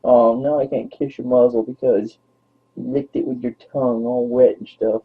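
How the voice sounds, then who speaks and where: A man's voice: mid-range voice, level tone, normal speed, slightly rough. A young man rambling playfully to his dog on camera in baby talk, as a vlogger. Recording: tinny phone-like lo-fi audio.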